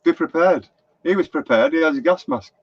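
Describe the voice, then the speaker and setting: A man's voice: a little high, a little fast, husky, dry recording. A middle-aged man with a Lancashire accent, rambling through anecdotes on a live stream and reading out viewer comments. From Lancashire, England. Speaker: motorhome vlogger. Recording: dull lo-fi live stream, dry.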